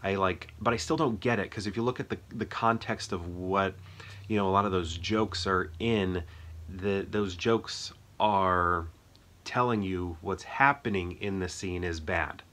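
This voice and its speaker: A man's voice: sits low, unhurried, a bit bright. A man chatting casually and enthusiastically about a favorite film, rambling with frequent restarts. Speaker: movie review host.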